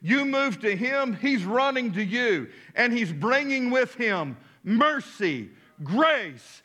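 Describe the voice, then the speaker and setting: A man's voice: sits high, sharp tone. A man preaching a sermon as pastor, emphatic, with call-and-response to his congregation and casual asides. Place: church.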